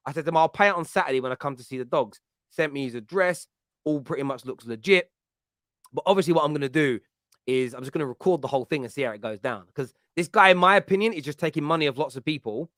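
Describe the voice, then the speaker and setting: A man's voice: fairly high pitch, fairly bright tone, dry recording, studio quality. A man, hosting a casual football chat and telling rambling, jokey stories. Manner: chatty, rambling, jokey storytelling. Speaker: podcast host.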